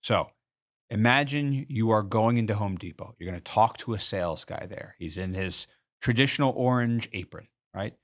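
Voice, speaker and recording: A man with a somewhat low voice delivers a sales training talk. He is earnest and instructive, building his case through a step-by-step everyday example. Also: moderate pace. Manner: earnest, explains through a walked-through store example. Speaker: sales coach.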